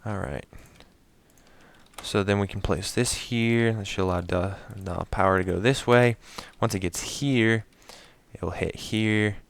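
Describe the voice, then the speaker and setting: A man's voice: fairly low pitch, measured pace, gravelly. A man giving casual gameplay commentary while he builds, talking to himself, counting items aloud and explaining each step to his viewers.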